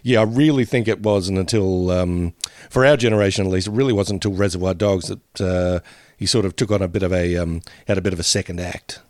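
A man's voice: sits low, a little mellow, no echo. Chatty man on a dry mic. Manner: rambling, laughs often, drifts into quick impressions. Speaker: podcast co-host. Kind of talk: casual chat.

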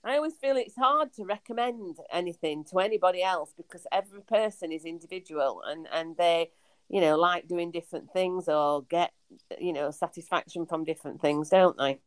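A woman's voice: fairly low pitch, normal speed. A middle-aged woman co-hosting a podcast in casual chat, often repeating words and ending on tag questions. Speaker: podcast co-host.

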